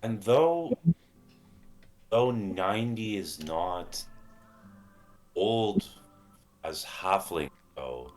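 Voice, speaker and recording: A man's voice: low voice, lively intonation, extremely slow, pauses often, soft background music. A man playing in a tabletop game, describing his character in a hesitant, thoughtful way. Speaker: player. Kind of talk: casual role-play storytelling.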